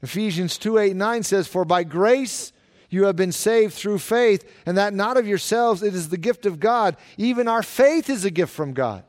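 A man with a high voice preaches a sermon. He talks earnestly and slows right down to weigh each quoted verse. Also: expressive. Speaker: pastor.

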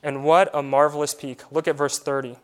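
A man preaching a sermon as a pastor. He leans on rhetorical questions and drops to a quiet voice for effect, sometimes repeating words as he starts a thought. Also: fairly high pitch, level tone, moderate pace, smooth.

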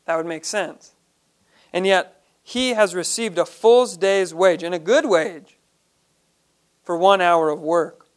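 High, resonant-voiced man teaching scripture. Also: slow pace, pauses often, smooth. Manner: reads a verse, then explains it plainly. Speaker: Bible study teacher. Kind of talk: verse-by-verse Bible teaching.

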